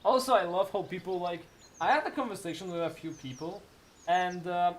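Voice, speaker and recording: A man's voice: high voice, a little fast, slight background noise. A man with a noticeable foreign accent and a hard R, rambling and self-mocking as he plays a game and reads its text aloud. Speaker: gamer. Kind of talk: casual let's-play chat and reading game text aloud.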